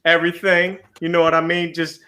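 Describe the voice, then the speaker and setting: A man's voice: on the high side, monotone, fairly quick. A man co-hosting a podcast in casual, teasing banter. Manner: joking, loud, teasing. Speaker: podcast co-host.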